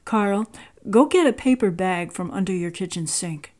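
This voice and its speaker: A calm, patient voice of God, spoken by a woman storyteller, fatherly and quietly firm. The tone is mellow and soft, never raised. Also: mid-range voice, moderate pace, close to an everyday voice. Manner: calm, even, gently firm.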